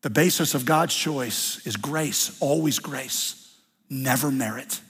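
Man playing a scheming, fast-talking son; husky, somewhat high, hall reverb. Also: big pitch swings, fairly bright tone, exaggerated voice. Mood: firm. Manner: ingratiating, quick. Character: scheming younger son Jacob, smooth-talking.

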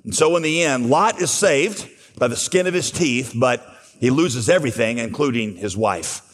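A man's voice: mid-range voice, animated, normal speed. A man preaching a sermon, telling a Bible story and voicing its dialogue as he goes. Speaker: pastor. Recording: long hall reverb.

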